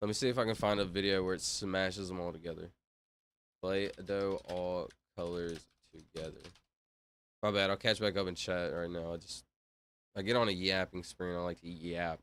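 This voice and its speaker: A man's voice: sits low, fairly even intonation, moderate pace, fairly bright tone, clear, resonant tone, dry recording. A man chatting casually on a livestream, rambling and interrupting himself while reading chat aloud.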